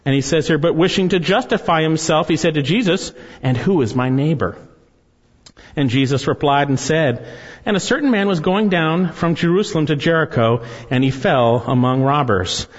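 A man's voice: fairly high pitch, animated, normal speed. Man preaching in a reverberant hall. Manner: reads scripture aloud with rising emphasis. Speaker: pastor. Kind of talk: sermon. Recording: dull sound with long hall reverb.

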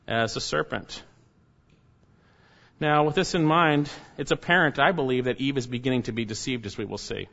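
A man's voice: medium pitch, fairly bright tone. A male pastor preaching an expository sermon, stressing key words with sudden rises. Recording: dull lo-fi recording.

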